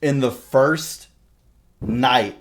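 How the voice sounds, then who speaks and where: A man co-hosting a podcast in casual chat, a profane, rambling storyteller who shouts out quotes when retelling. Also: mid-range voice, extremely slow. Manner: loud acted quotes in retellings. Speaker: podcast co-host.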